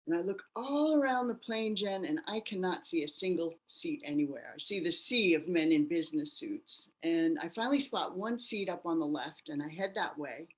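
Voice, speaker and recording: A woman interview guest recounts her own story with animated delivery. She slips into the voices of the people she quotes, and her speaking voice sits a little on the low side. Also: moderate pace, few pauses. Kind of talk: personal storytelling.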